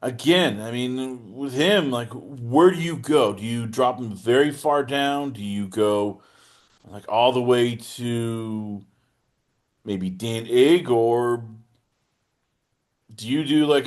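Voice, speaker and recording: A male podcast host in casual chat, animated and teasing. He jokes with his guest, and his voice jumps high and loud, then drops low. His pitch sits in the middle range for a man. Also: takes it slowly. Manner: animated, jokey, teasing, swings in pitch and loudness.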